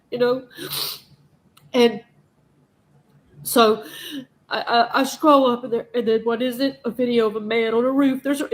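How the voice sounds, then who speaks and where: Fiery, swearing woman vlogger, a bit high. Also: rough recording. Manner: impassioned, profane ranting. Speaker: news vlogger. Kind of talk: emotional monologue to camera.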